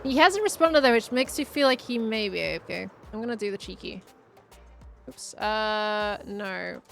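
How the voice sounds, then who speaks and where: Gravelly-voiced woman streaming a game. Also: mid-range voice, lively intonation, moderate pace, a bit bright, soft background music. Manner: chatty, thinks aloud, talks to chat. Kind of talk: casual live-stream chatter while gaming.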